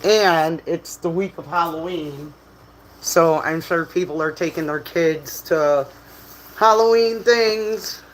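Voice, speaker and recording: A man chatting on a live stream from a bar, telling animated stories, laughing often and swearing freely. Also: fairly high pitch, takes it slowly, slight background noise, low-quality recording. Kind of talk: casual live-stream chat. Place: bar, indoors.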